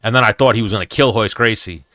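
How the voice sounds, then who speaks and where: A man's voice: fairly low pitch, fast, pushed and bright, dry recording, studio quality. A man, hosting a casual MMA chat stream in a blunt, profane, rambling way. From New York, USA. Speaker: MMA show host answering chat.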